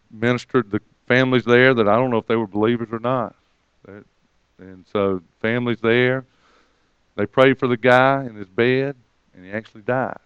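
A man's voice: mid-range voice, smooth, no echo, muffled recording. A man preaching, retelling a conversation and quoting the other person with a lifted voice. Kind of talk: sermon storytelling.

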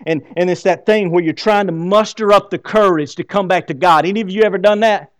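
A male pastor preaching a sermon in an animated way, often asking the congregation questions. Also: high voice, a little fast, no room sound.

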